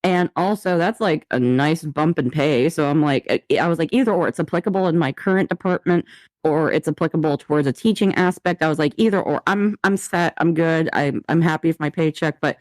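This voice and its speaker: A woman's voice: sits low, brisk, darkish tone, dry recording. A woman in her twenties from Canada, co-hosting a casual podcast chat, telling stories with lots of laughter and acted-out quoted exchanges. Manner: giggly storyteller, acts out quoted exchanges. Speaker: podcast co-host.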